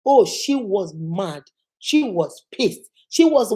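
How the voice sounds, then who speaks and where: Speaking slowly in a medium-pitched voice, this woman is a motivational vlogger recounting something from her own life to camera in a casual way. She animatedly performs the quoted voices of the people involved.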